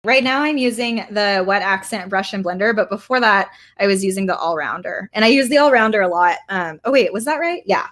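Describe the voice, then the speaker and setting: A woman's voice: medium pitch, brisk, hardly any pauses, fairly bright tone. A woman artist, giving a casual live painting tutorial in a chatty, rambling way with many fillers. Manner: chatty, rambling, self-deprecating, lots of fillers. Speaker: artist teaching a workshop.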